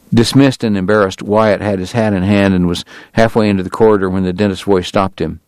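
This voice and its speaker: A man reading a novel aloud as its narrator, in a steady, understated way. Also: sits low, brisk, gravelly, no room sound. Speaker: audiobook narrator. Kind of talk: scripted narration.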